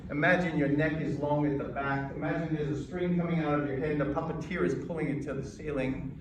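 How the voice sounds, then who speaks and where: An American man coaching an audience on presenting, emphatic and measured, pausing between points. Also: on the high side, fairly even intonation, distant mic, crowd noise. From United States. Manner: emphatic, with pauses and demonstrations. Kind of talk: lecture to a live audience. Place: lecture hall. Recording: echoey hall recorded from afar.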